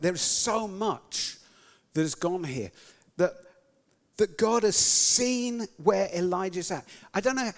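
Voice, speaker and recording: A man preaching a sermon, retelling scripture dramatically, swinging between loud lines and whispers. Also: high-pitched, in a large hall. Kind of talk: sermon storytelling.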